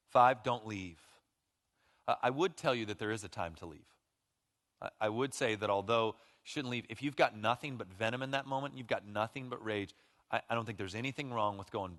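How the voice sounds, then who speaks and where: A man preaching a sermon as pastor, animated, acting out the voices of the people he quotes. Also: medium pitch, a little fast. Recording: long reverb of a large hall.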